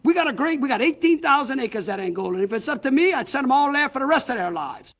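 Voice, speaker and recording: A man's voice: very high voice, expressive, quick pace, fairly bright tone. A man with a Southern US accent, a state governor giving a blunt, exasperated press conference statement.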